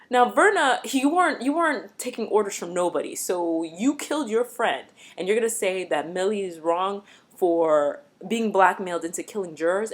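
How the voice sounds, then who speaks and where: A woman vlogger giving a casual, expressive recap of a TV episode, chatty and blunt. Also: mid-range voice.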